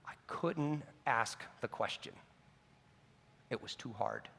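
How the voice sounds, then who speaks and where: A man's voice: medium pitch, slow, vocal fry, pauses often, a bit bright, slightly rough. A man preaching a sermon in an earnest, personal storytelling way, with casual asides and self-corrections. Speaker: pastor. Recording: long reverb of a large hall.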